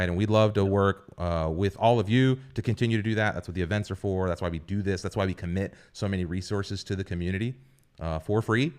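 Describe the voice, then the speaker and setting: A man's voice: on the low side, smooth. A man co-hosting a livestream podcast, talking casually and reading viewer comments aloud, often adding "right?" and "you know". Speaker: podcast co-host.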